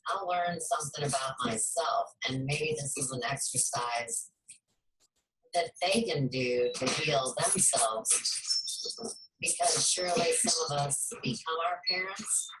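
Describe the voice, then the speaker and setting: A woman hosting a spiritual talk show, speaking in a slow, measured, reflective way. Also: sits low, fairly bright tone. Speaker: host. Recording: echoey room, far from mic.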